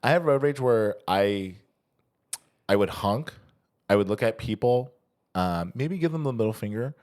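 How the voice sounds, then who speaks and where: Low-voiced young man, animated storyteller. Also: normal speed. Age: young adult. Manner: animated storyteller, acts out quotes, swears freely. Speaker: podcast co-host. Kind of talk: casual chat.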